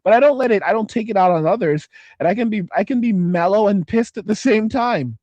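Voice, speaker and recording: A middle-aged man hosts a casual livestream, talking back to viewer comments in a rambling, profane way and tripping over his own restarts. His voice sits a bit high for a man. The sound is dry and close, with no room echo. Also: fairly quick, a little mellow, muffled recording. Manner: profane, rambling, self-interrupting. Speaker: livestream host.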